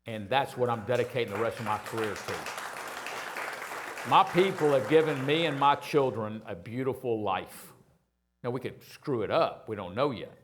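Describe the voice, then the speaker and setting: A man's voice: medium pitch, expressive, normal speed, noisy background. Older guy, rambles and swears a lot, laughs at himself, telling stories to a crowd. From Houston, Texas. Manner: profane, rambling, self-mocking storyteller. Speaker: restaurateur guest. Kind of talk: casual storytelling on stage.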